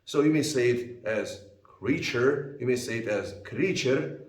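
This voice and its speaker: Male English tutor, mid pitch, patient explainer, roomy echo. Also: measured pace. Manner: plain, patient explaining with repeated example words. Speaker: English test teacher. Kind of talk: explanatory lesson.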